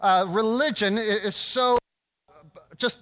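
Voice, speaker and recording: A man's voice: high-pitched, fairly even intonation, slow, fairly bright tone. A man giving a sermon in a conversational, storytelling way, often checking in with the audience with "right?". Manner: conversational, self-deprecating storytelling with frequent "right?" asides. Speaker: pastor.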